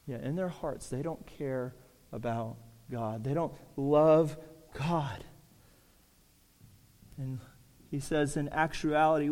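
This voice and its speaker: A man's voice: a little high, a little mellow. Man preaching in a reverberant hall. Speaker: pastor. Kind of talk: sermon.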